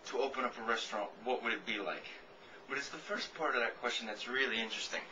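A man's voice: on the low side, sharp tone, a little hiss or hum, rough recording. A man in his twenties talking casually to camera. He rambles through a comic, sarcastic rant and swears freely. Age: 20s. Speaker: vlogger answering a viewer question.

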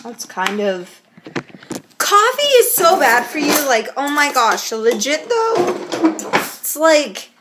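A young woman in a casual vlog, talking straight to the camera in a high voice. She rambles at a slow, easy pace, full of fillers. A faint hiss sits under the recording. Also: sing-song. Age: young adult. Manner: chatty, rambling, filler-heavy. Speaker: vlogger.

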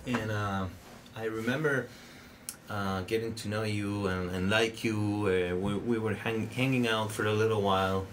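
Hosting a relaxed interview podcast, a Spanish-accented man with a lowish voice circles around his questions hesitantly, full of fillers and restarts. He speaks a little slowly, and clear background noise hangs in the room.

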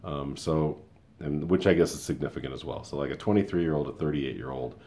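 Very deep-voiced man in his fifties. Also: brisk, dark tone. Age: 50s. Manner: rambling, conversational storytelling with many asides. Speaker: school paraprofessional and show host. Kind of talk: casual opinion monologue.

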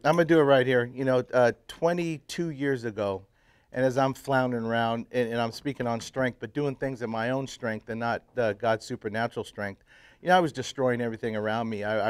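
A man in his fifties, a church pastor, casually telling his life story to a men's breakfast group, swinging from loud, laughing bursts to quiet, earnest stretches. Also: medium pitch, clear, resonant tone. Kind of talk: casual personal testimony talk. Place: live talk to a roomful of men at a breakfast.

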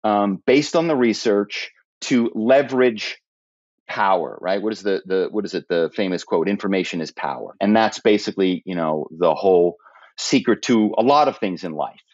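A man's voice: lowish voice, moderate pace, darkish tone, dry recording. A man being interviewed on a podcast, telling stories with energy and acting out the phone calls he describes. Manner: acts out phone-call voices while telling stories. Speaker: podcast guest. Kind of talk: animated storytelling interview.

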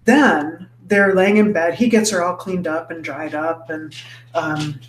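A woman's voice: low-pitched, fairly even intonation, unhurried. A woman co-hosting a casual podcast, retelling a book's plot with lots of fillers and restarts. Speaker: podcast co-host. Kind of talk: casual book-club chat. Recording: roomy echo, faint background noise.

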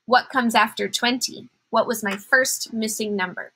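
A woman's voice: a little high, steady tone, normal speed, sharp tone, husky, rough recording. A woman teacher giving a patient math lesson to young children, counting aloud in a sing-song way.

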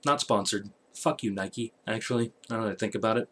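A man's voice: fairly low pitch, fairly quick, fairly bright tone. A man hosting his own channel, giving a rambling late-night update full of jokes and swearing. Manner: rambling, profane, joking. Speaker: channel host.

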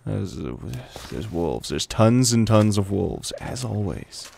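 A man's voice: fairly low pitch, big pitch swings, takes it slowly, creaky, darkish tone, slight background noise. A man giving casual let's play commentary and playfully chatting to the animals in the game. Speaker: gameplay commentator.

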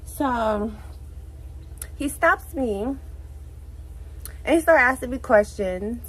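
A young woman with a Houston accent, telling a story to her vlog in a casual, animated way, full of swearing and "like, literally" fillers. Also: a little high, slow, breathy edge, poor audio. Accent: Southern US, Houston. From Texas, USA. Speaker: vlogger.

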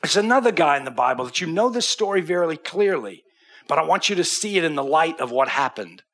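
Male pastor, sermon, bright tone, husky edge, hushed voice for quoted figures. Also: fairly high pitch, sing-song, a little fast. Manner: acts out Bible figures, drops to a hushed near-whisper in quoted lines.

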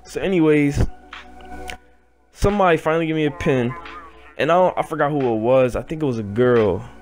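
A young man telling a story on his vlog, in an animated, profane, rambling way. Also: a little high, fairly quick, faint music behind. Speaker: vlogger.

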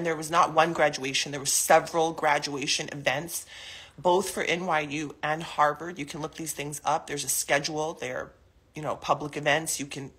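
Bright, husky-voiced woman, emotional. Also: low voice. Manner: emotional, defensive, rambling with many fillers. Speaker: mother addressing the public. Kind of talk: casual live video statement. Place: living room at home.

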